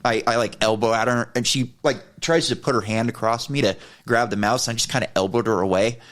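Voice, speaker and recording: A man in an ordinary middle-pitched voice co-hosts a casual podcast and tells a long personal story. He swears freely and turns heated and animated whenever he replays his own side of an argument. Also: brisk. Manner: profane, heated retelling of an argument; animated when quoting himself. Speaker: podcast co-host.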